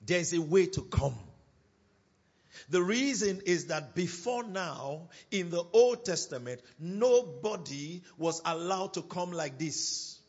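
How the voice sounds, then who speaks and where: A man's voice: high-pitched, lively intonation, darkish tone, slightly rough, dull audio. A man preaching a sermon, reading scripture and repeating his key points with emphasis. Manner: emphatic repetition, slow deliberate phrasing.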